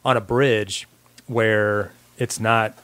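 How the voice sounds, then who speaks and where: A man co-hosting a podcast, telling a story in relaxed casual chat with lots of fillers and restarts. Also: lowish voice, slow, smooth, no echo. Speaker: podcast co-host.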